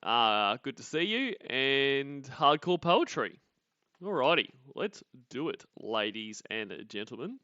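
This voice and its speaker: A man's voice: mid-range voice, very animated, takes it slowly, pushed and bright, dry recording. A man hosting a casual livestream, greeting viewers by name in a chatty, joking way. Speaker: livestream host. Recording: dull lo-fi sound.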